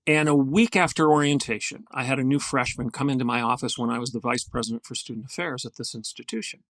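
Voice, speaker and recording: An older man with a gravelly voice, a guest telling a story in an earnest, emphatic way in a podcast interview. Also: medium pitch, fast talker, fairly bright tone, dry recording. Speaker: guest, former university president.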